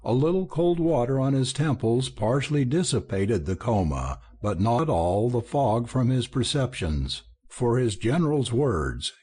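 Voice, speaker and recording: A man's voice: mid-range voice, sing-song, a little slow, a little mellow, breathy edge. A man narrating an audiobook in a wry, theatrical storytelling manner. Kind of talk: scripted narration.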